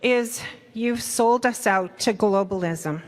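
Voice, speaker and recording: Slow, angry woman in an echoey hall. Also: mid-range voice. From Canada. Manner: angry, accusing, emphatic. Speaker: audience member asking questions. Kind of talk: heckling public question. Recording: distant voice in a reverberant hall, faint noise.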